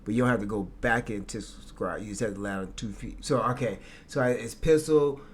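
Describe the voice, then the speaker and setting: A man casually reacting to sports footage for his viewers, excitable and repeating himself as he breaks down technique. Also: on the low side, a little fast, slight background noise. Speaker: reaction streamer.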